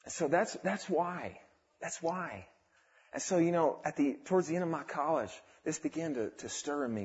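A young man giving a fervent testimony in a sermon, dropping quiet and then rising to exclamations. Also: a little high, animated, normal speed. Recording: dull lo-fi recording.

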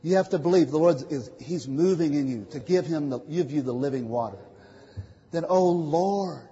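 A man with a fairly high, husky voice preaches to his congregation, tossing out questions for them to answer and rising from soft asides to loud declarations. The sound is muffled and rings with the long echo of a meeting hall. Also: a little fast. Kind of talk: sermon. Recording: muffled, echoey hall recording.

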